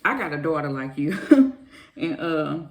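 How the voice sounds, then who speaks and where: A woman's voice: low voice, sing-song, measured pace, darkish tone. A middle-aged woman, doing a chatty casual tarot reading and calling her viewers baby and honey. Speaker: tarot reader.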